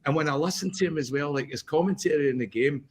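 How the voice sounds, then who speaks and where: A man on a podcast, ranting in an animated, complaining way during casual chat. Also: a little high, quick pace, slightly rough. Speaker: podcast co-host.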